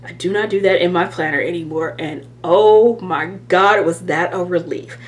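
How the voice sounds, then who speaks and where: A woman's voice: on the low side, moderate pace. A woman chatting casually to camera as a planner vlogger, rambling and self-deprecating, with lots of fillers.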